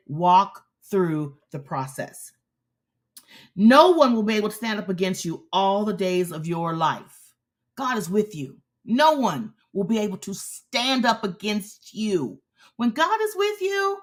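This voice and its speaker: A woman's voice: a little high, a bit bright. A woman preaching a sermon as a show host, emphatic and repetitive as she urges on her listeners.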